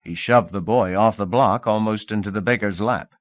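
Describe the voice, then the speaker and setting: A man reading a novel aloud as an audiobook narrator, in a measured, expressive style. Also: on the low side, dry recording, dull audio. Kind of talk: scripted narration.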